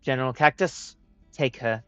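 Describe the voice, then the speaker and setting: A man's voice: mid-range voice, normal speed, fairly bright tone, clear, resonant tone, dry recording, lo-fi sound, soft background music, natural voice. A man voicing an imperious dragon queen who hisses out a stern command. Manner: hissing, commanding.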